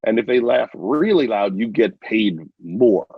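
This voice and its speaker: Husky guy on a podcast, earnest and reflective, muffled lo-fi audio. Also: on the low side, animated, unhurried, dry recording. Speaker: podcast guest. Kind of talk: casual conversation.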